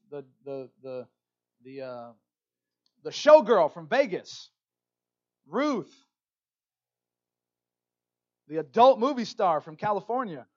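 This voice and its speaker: A man's voice: fairly high pitch, highs cut off. A man preaching a sermon, reading scripture with rising emphasis and turning often to speak to the congregation. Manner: expository preaching with asides to the congregation. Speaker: pastor.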